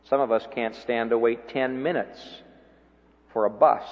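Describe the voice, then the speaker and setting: A man preaching a sermon who swings from hushed, intimate lines to loud, emphatic climaxes. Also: mid-range voice, fairly even intonation, unhurried. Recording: dull lo-fi audio with long hall reverb.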